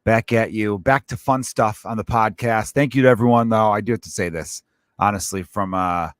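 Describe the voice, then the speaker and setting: A man's voice: fairly low pitch, normal speed, dry recording, studio quality. A man hosting his own comedy podcast, ranting casually with lots of swearing and rambling asides. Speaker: podcast host.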